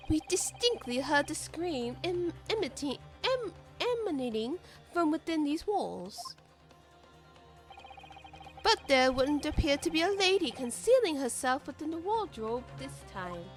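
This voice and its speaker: Sarcastic young woman streamer, high and lively. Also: a little slow, faint music behind. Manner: sarcastic, swearing, exasperated asides. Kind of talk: game playthrough with commentary, reading all roles.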